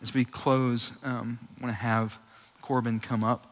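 A young adult man preaching a sermon in a conversational, animated way, with frequent fillers and restarts. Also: mid-range voice, a little slow, poor audio. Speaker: pastor.

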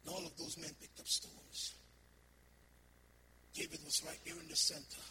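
A man preaching a sermon as a missionary. He speaks with fiery emphasis, calls out to the congregation and swings between shouting and hushed delivery. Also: a little high, steady tone, normal speed, heavy background noise. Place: church.

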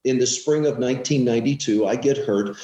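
A man's voice: medium pitch, brisk, mellow. A man in his fifties, a TV weatherman, telling his career story in a casual interview, self-mocking and acting out the people he quotes. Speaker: guest, TV weatherman. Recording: echoey room.

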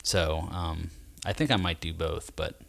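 A man co-hosting a podcast, explaining things in casual chat with hesitant pauses. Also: rumbling low, steady tone, vocal fry, a bit bright. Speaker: podcast co-host.

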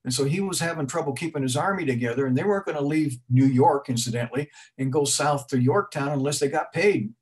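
A man's voice: a little high, quick pace, hardly any pauses, breathy edge. A middle-aged man giving an informal history talk to an audience, conversational and rambling, with frequent restarts and asides. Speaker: museum speaker giving a talk.

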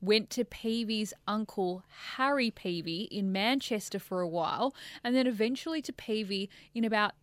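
A woman's voice: mid-range voice, normal speed, few pauses, no echo. A woman co-hosting a casual chat, reading a story aloud from notes and laughing along. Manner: reads from notes, breaks into laughter. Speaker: podcast co-host reading a true story.

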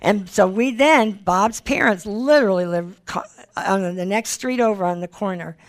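A woman giving a personal testimony as part of a teaching, telling her story in an animated way and acting out what others said. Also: mid-range voice, normal speed.

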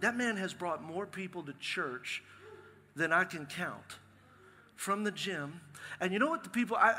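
A middle-aged male pastor, preaching a lively, joking sermon in a large church. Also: high voice. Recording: long hall reverb from a live sanctuary.

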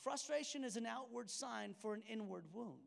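A young man preaching in a casual, storytelling way, slipping into the voices of the people in his stories. His voice sits high for a man. The sound is a sermon in a large church hall with a long, trailing reverb. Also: moderate pace, gravelly. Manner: conversational, storytelling preacher who acts out dialogue. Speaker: pastor.

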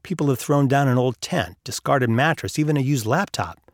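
A man's voice: medium pitch, expressive, moderate pace, dry recording, studio quality. A man narrating an audiobook chapter, telling a story and lifting his voice for the characters' lines. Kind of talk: audiobook narration with acted dialogue.

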